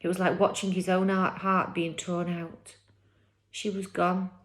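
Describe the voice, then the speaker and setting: Woman reading a kids book chapter out loud, kinda low voice, dramatic delivery. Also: a little slow. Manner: expressive, dramatic storytelling. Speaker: storyteller reading a children's novel.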